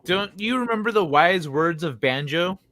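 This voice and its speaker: A man's voice: sits high, lively intonation, normal speed, bright, forceful tone. Teasing man hosting a gaming chat. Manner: joking, teasing, laughs often. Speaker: host. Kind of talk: casual chat.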